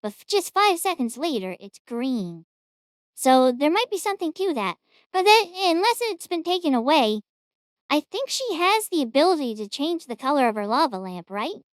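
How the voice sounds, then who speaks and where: A woman's voice: high voice, very animated, moderate pace, dry recording, clean studio sound. A woman hosting a reaction stream, commenting in a chatty, rambling, amused way.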